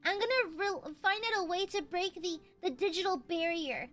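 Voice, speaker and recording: A woman streamer chatting casually with her audience, excitable and profane, often shouting and laughing. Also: very high voice, moderate pace, few pauses, soft background music. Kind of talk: casual live-stream chat.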